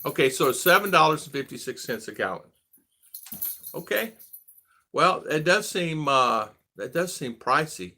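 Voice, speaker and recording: Bright-voiced man chatting on a livestream. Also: a little high, animated, normal speed. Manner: thinks aloud, greeting viewers by name. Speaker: vlogger host. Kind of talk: casual livestream chat.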